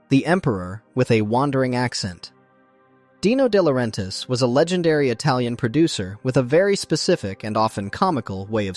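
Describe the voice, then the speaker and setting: Steady male documentary narrator. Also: medium pitch. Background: faint background music.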